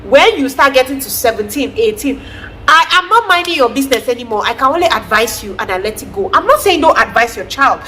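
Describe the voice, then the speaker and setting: Woman, thirties, casual vlog talk, preachy and lively, slightly high voice. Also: brisk, slight background noise. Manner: animated and preachy, often laughing. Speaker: vlogger, mother.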